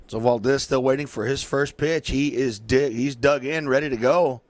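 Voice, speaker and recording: A man doing play-by-play for a local baseball game, chatty and joking between pitches. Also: steady tone, normal speed. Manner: joking, chatty, breaks into silly asides. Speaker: play-by-play announcer.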